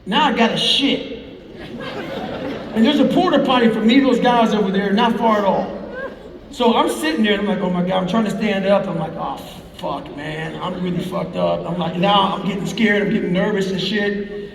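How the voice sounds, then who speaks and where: On stage before a live crowd in a big hall, a middle-aged motivational speaker delivers an intense, profane story. His voice sits high at a normal speed, and a fan's camera in the audience records it with a roomy, distant sound.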